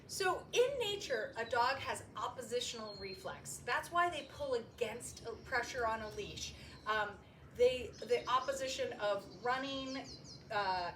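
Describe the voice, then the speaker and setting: A high-pitched woman trainer talks in a lively, swooping voice and bursts into excited praise for the puppies. She sounds a little far from the mic, in an echoey room with faint noise. Her delivery is an instructive walkthrough of training steps. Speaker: dog trainer. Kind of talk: demonstrating training.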